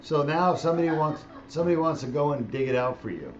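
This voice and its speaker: Surgeon explaining mid-operation, dull audio. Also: male voice, on the high side, lively intonation, fast talker. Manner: casual, joking explanation. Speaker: spine surgeon. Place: operating room.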